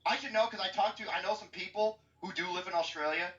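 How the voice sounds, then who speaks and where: A young woman co-hosting a podcast in casual movie chat, excitable and profane, ranting with lots of energy. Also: lowish voice, fast. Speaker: podcast co-host. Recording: dull, roomy, distant mic.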